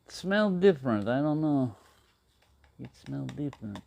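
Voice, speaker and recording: Gravelly man chatting while he cooks. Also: medium pitch, sing-song, moderate pace, a little mellow. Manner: rambling, talks to himself and answers in silly voices. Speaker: outdoor cooking vlogger. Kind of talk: casual talk to camera while cooking.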